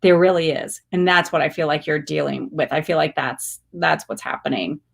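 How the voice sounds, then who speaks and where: A woman's voice: low-pitched, normal speed, creaky. Gushing, exuberant woman livestream host. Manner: gushing and exuberant, squealing cheers. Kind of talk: casual livestream chat reading viewer comments.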